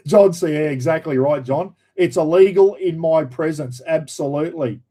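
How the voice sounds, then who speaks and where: An Australian man hosts a casual livestream chat and answers viewers' comments. He talks in a blunt, opinionated way and drops in plenty of slang. His voice is mellow and warm, and it sits a touch higher than most men's. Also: normal speed, poor audio. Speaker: livestream host.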